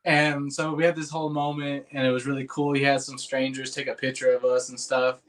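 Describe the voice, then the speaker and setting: Brisk and level, his mid-range voice has a fairly bright tone. The story he tells about himself is casual and meandering, heavy on "dude" and "like," with open swearing and an earnest, emotional turn when things get moving.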